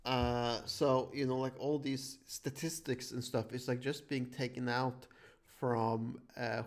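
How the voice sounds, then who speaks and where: A man hosting a casual podcast chat, ranting emphatically with a lot of swearing. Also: mid-range voice. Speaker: podcast host.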